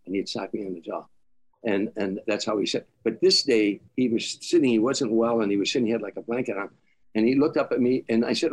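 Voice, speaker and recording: An older comedian telling stories in an interview, animated, acting out quotes, with frequent stammers and restarts. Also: male voice, medium pitch, fast, husky. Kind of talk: storytelling interview.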